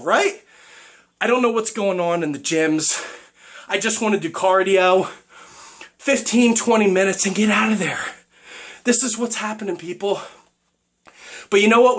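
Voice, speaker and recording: Very high-voiced man ranting. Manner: excitable, profane, keeps asking "right?". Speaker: fitness vlogger. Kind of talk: comedic gym rant.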